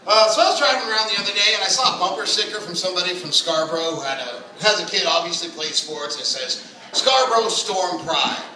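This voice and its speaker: A man performing a crude, brash stand-up set at an open mic night, now and then shouting in put-on voices. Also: high-pitched, animated, fast. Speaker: stand-up comedian. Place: small comedy club stage. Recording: echoey room, mic at a distance.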